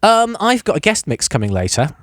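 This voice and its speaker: A man's voice: high voice, huge pitch swings, fairly quick, fairly bright tone, no room sound, studio quality. Chatty, jokey male radio host. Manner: jokey, chatty, laughs often, many fillers and restarts. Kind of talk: casual studio chat. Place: radio studio.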